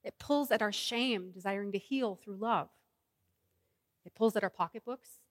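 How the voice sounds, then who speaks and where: A woman's voice: mid-range voice, normal speed, dry recording, clean studio sound, in a large hall. A woman pastor preaching a sermon in a rhythmic, repetitive cadence and leading her congregation in prayer.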